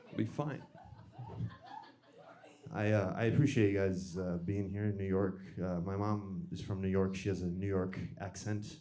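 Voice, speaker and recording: Hesitant, mellow-voiced male stand-up comic. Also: low-pitched, steady tone, normal speed. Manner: dry, hesitant delivery with many restarts and self-deprecating jokes. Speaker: stand-up comedian. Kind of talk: stand-up comedy set. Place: comedy club stage.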